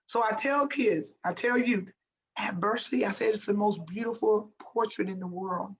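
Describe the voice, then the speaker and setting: A former pro basketball player, a woman in her fifties, tells motivational stories in an interview, emphatic and animated, often repeating herself for emphasis. She speaks at a moderate pace with a medium pitch, and the audio is poor.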